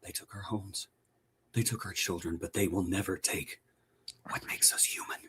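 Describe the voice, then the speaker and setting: A man's voice: low-pitched, moderate pace, pitched below the performer's own voice, full character voice. A man whispering as a grim resistance hero. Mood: grave whisper. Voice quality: hushed, breathy delivery. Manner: mock-dramatic whisper. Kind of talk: podcast review banter.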